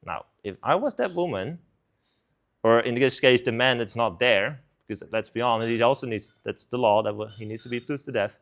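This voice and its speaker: A young man preaching at a student service, telling the story in a casual, animated, conversational way. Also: mid-range voice, normal speed, creaky. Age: young adult.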